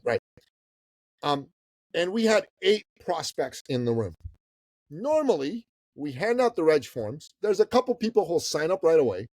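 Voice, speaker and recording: A fifty-something man from Iran spins a long anecdote as a podcast guest, his voice leaping up and dropping low as he acts out the moments. He talks casually and bluntly, swearing and tossing in "bro" and "okay?", on a dry close mic. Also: sing-song, moderate pace, a little mellow, no room sound. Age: 50s. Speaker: guest, business coach. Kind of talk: storytelling in a podcast interview.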